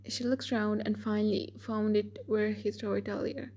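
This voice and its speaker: Female narrator for a romance fan story; gravelly, mellow, husky. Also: mid-range voice, fairly even intonation, moderate pace, hardly any pauses. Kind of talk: scripted fan fiction narration.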